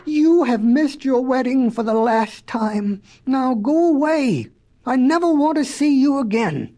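A woman's voice: high voice, animated, unhurried, warm tone, pitched above the performer's own voice. A woman voicing a sobbing, scolding jilted fiancée in a storybook reading. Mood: tearful anger. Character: tearful jilted young fiancée.

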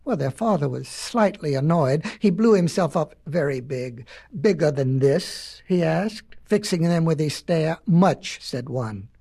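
A storyteller reading a fable aloud to children in a dramatic, expressive manner. The husky voice moves slowly and swings widely in pitch, with playful asides.

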